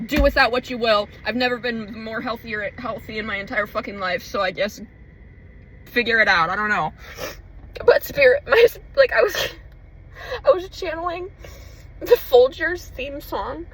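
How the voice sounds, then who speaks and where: A woman vlogger with a fairly high, light voice speaks in a raw, emotional ramble, full of restarts and casual swearing. Her confessional delivery sounds unpolished and personal. A faint hiss of noise sits under the recording. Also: normal speed, long pauses, fairly bright tone, rough recording.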